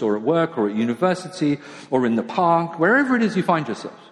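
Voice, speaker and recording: A man preaching a sermon in a church in a conversational, self-deprecating way, dropping into quiet asides. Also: fairly high pitch. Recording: long church hall reverb.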